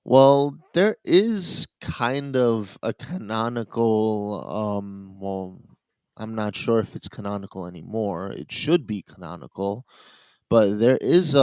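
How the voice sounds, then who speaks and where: A man's voice: lowish voice, slow, darkish tone, clean tone, no echo, rough recording. A man co-hosting a podcast, chatting casually and rambling, often laughing at his own points. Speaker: podcast co-host. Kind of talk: casual chat.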